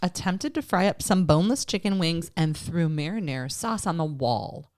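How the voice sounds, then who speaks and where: A woman's voice: fairly low pitch, animated, normal speed, darkish tone. A woman co-hosting a casual podcast, cold reading strange news stories and breaking into laughter. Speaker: podcast co-host.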